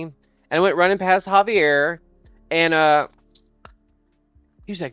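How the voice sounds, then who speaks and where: A woman livestreamer telling a funny work story in casual chat, animated and quick to laugh and swear. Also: lowish voice, smooth, no echo, soft background music.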